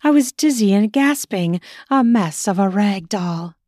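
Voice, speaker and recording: A woman's voice: mid-range voice, expressive, unhurried, darkish tone, no echo. Woman narrating a first-person story, dry. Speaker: author and podcast host.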